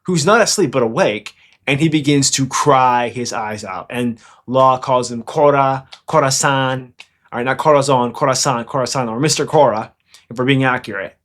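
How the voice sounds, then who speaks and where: A young man hosting a fan commentary channel, talking fast and excitably in a rambling, casual way. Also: medium pitch. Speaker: anime commentary channel host.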